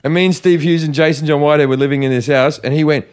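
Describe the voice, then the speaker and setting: A man's voice: fairly high pitch, steady tone, racing, few pauses, a little mellow. A man in a casual chat, telling a profane story in a punchy way.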